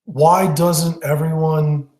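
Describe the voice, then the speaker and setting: Man, stage hypnotist teaching a webinar, slightly high voice, chatty story delivery, roomy echo. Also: fairly even intonation, slow, darkish tone. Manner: conversational, with fillers and restarts.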